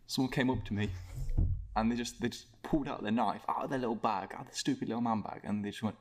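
Fast-talking young man. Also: fairly low pitch, steady tone. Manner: joking, swearing, teasing. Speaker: podcast co-host. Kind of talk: casual chat.

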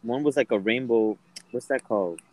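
A man's voice: mid-range voice, moderate pace, a little mellow, no room sound, rough recording. Teasing young man chiming in. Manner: teasing, jumps in with jokes. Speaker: friend. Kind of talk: casual chat.

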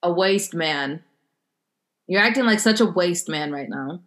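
A woman's voice: lowish voice, expressive, unhurried, fairly bright tone. A young American woman co-hosting a casual chat, laid-back as she quizzes her co-host. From United States. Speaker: podcast co-host.

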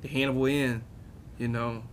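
A man's voice: medium pitch, flat delivery, normal speed, a little hiss or hum. A man in casual chat with friends, telling a story with lots of laughter.

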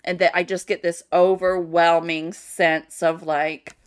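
A woman's voice: fairly low pitch, level tone, measured pace, clear, resonant tone. A young woman co-hosting a casual chat podcast, rambling through stories and laughing often. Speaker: podcast co-host.

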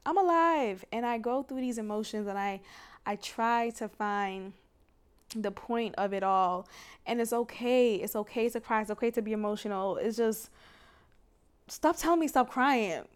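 A woman's voice: a little high, normal speed, clear, resonant tone. A young adult woman hosting a faith podcast, talking casually and emphatically, laughing often. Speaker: podcast host.

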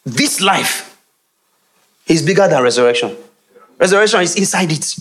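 A man's voice: a little high, moderate pace. A man preaching a sermon, quizzing his congregation for answers, with frequent laughs and chatty asides. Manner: animated call-and-response with congregation; laughs often, conversational asides.

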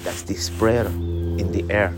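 A man chatting casually outdoors on a cold morning, animated, sprinkling his talk with "honey" and "man.". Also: low voice, measured pace, over loud music. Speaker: vlog co-host. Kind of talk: casual banter while doing chores.

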